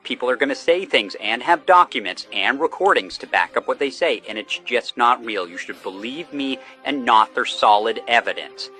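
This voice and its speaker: A man's voice: mid-range voice, animated, bright, forceful tone, faint music behind. A man playing an evasive sports reporter. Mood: earnest. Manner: earnest, quick and evasive. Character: shifty male sports reporter denying scandal.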